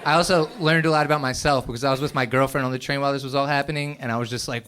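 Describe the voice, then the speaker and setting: A young man doing a stand-up set in a comedy club, telling stories with animated voices and sudden loud outbursts. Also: mid-range voice, racing, crowd noise.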